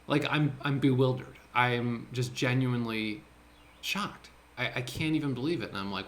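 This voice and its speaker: A man who is a day trader, recapping his trades in a casual screen-share talk. He thinks aloud in an excitable way, with quick restarts. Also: a little high.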